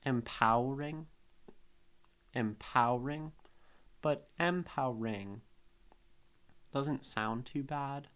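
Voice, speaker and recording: A male streamer works through a poem at an unhurried, drawn-out pace, thinking aloud as he goes. He repeats words and sounds out their syllables, and his voice sits at an ordinary middle pitch. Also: a bit bright, clean tone. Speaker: streamer analyzing poetry. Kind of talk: casual live-stream teaching.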